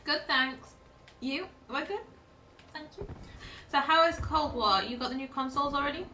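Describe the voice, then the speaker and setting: A woman's voice: high-pitched, normal speed, bright, forceful tone, recorded from a distance, slight background noise. An English woman chatting casually, teasing and laughing at jokes. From England. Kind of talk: casual chat. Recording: roomy echoey room.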